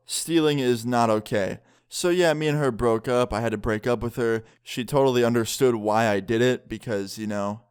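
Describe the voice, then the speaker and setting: A man's voice: medium pitch, clean tone. A young man casually telling a personal story in a storytime vlog, full of "like" and quoted dialogue. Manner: casual, filler-heavy retelling with "like". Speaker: vlogger.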